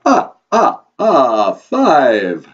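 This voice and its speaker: A man's voice: medium pitch, wildly swooping pitch, takes it slowly, breathy edge, full character voice. A man voicing a male vampire count from Transylvania, with a theatrical vampire accent and a laugh after his lines. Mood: delighted. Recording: distant, dull lo-fi mic.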